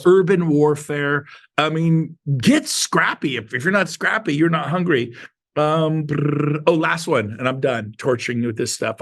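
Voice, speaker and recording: Gravelly, animated male sales speaker. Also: on the high side. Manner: animated storyteller acting out dialogue; punchy, playful, folksy. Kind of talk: storytelling talk to an audience.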